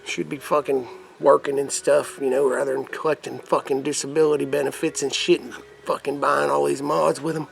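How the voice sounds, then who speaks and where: A man's voice: medium pitch, little pitch movement, a little fast. A man reviewing vape mods in a rambling, profane vlog, putting on a crude redneck persona. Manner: put-on rough redneck persona. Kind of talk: casual product demo vlog.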